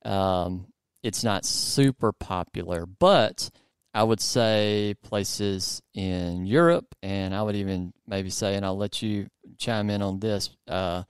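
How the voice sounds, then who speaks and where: A man hosting a podcast in a casual chat, with a low, smooth, resonant voice. He rambles through plenty of fillers and restarts, and the sound is dry and close with no room echo. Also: slow. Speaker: podcast host.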